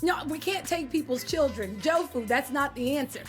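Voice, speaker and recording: High-voiced streamer woman chatting animatedly. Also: moderate pace. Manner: animated, slangy, talks to chat by name. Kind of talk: casual chat with viewers. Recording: faint music behind.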